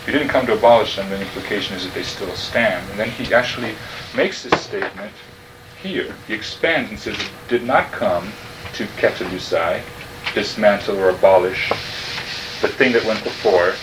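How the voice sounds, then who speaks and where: At a moderate pace and in a lowish voice, a man teaches a New Testament Greek class, carefully explaining each word and checking that everyone follows. The sound comes from a distant mic in a noisy room.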